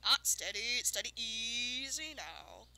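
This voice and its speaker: A woman's voice: a little high, expressive, takes it slowly, pushed and bright, slight background noise, heavily acted. A woman reading aloud and voicing a fat, clumsy farmer who coaxes in a breathless, wheedling way. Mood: coaxing.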